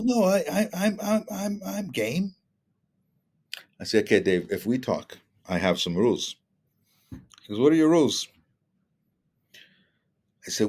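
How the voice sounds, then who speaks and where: A middle-aged man telling stories in a casual conversation, acting out the other people's lines in changing voices. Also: lowish voice. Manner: animated, acts out dialogue with shifting voices. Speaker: guest speaker.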